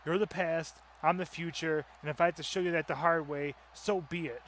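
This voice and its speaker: A man doing a cocky young wrestler who boasts and taunts in a loud, pushy voice. The voice sits a little high for a man. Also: fairly even intonation, fairly quick, a little hiss or hum, close to an everyday voice. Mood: arrogant. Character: cocky young male wrestler, arrogant upstart.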